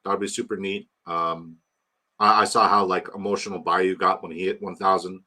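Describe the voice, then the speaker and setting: A young man hosting a live fantasy football draft stream, rambling and joking as he shouts out viewers by name. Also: low-pitched, flat delivery, normal speed. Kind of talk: casual live-stream chat.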